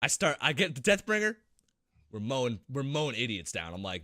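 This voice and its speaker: A man's voice: mid-range voice, very animated, normal speed, pushed and bright. A man co-hosting a gaming podcast in casual chat, telling game stories animatedly, acting out moments and swearing freely. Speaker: podcast co-host.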